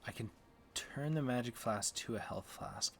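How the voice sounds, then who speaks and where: A man's voice: medium pitch, moderate pace, creaky, fairly bright tone, slight background noise. A man streaming a game for the first time, thinking aloud in a casual, unsure way as he works through menus. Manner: thinking aloud, unsure, mumbling menu names. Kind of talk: casual gameplay chat.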